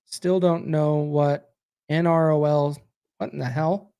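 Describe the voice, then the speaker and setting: A tired American man with a fairly high-pitched voice chats loosely on his podcast. He rambles, trails off and reacts aloud as he reads comments. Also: level tone, slow, dark tone, smooth. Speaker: podcast host. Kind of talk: casual live-stream chat reading viewer comments.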